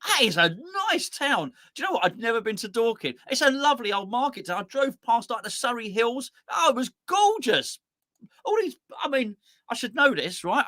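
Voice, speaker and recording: A man hosting a live stream, rambling chattily and reading out viewers' messages, swinging between excited highs and low muttered asides. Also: no echo, clean studio sound. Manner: rambling, chatty, talking to himself while reading out the chat. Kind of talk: casual live-stream chat.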